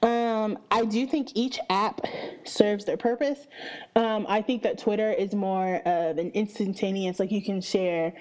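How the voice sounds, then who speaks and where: A woman in her twenties hosting her own podcast, chatting casually and upbeat, with many fillers and drawn-out greetings. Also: medium pitch, steady tone, a little mellow, low-quality recording. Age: 20s. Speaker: podcast host. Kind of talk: casual solo podcast chat.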